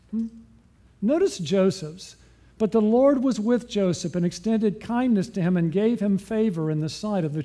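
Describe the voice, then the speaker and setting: Bright-toned man preaching with questions. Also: high voice. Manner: asks the listeners questions and answers them. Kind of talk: sermon with rhetorical questions.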